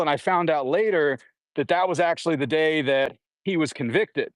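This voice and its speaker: A man telling a long personal story in a casual way, full of fillers and restarts, who puts on higher voices when quoting others. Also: moderate pace, no room sound. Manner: rambling with frequent fillers and restarts; acts out quoted voices in a raised pitch. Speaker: guest recounting jail time.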